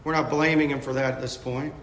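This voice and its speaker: A man preaching a sermon as pastor, with emphatic swells that drop back to a hush. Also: mid-range voice, steady tone, quick pace, echoey room, slight background noise. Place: church sanctuary.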